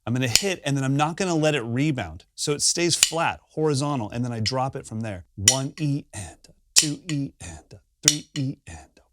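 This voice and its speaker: A man's voice: medium pitch, lively intonation, moderate pace, heavy background noise. A man teaching a drum lesson from his kit, counting beats aloud and scatting drum sounds in an upbeat, self-mocking way.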